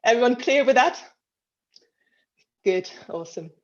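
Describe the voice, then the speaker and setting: A woman's voice: a little high, animated, a little slow, lo-fi sound, very noisy. A woman leading an online dance class over a video call, counting and cueing moves in an encouraging way, a little out of breath. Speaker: dance instructor.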